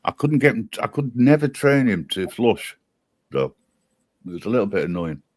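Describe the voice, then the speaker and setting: A man co-hosting a live stream, with dry, deadpan humor and frequent "uh" and "um" pauses. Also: fairly low pitch, no room sound. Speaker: livestream co-host. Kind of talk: casual live-stream chat.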